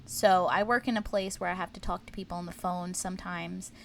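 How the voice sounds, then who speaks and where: A woman's voice: lowish voice, steady tone, a little fast, vocal fry, slight background noise. A young woman with a faint Southern US accent, chatting casually as a podcast co-host, laughing often and trailing off with fillers. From American South. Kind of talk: casual chat.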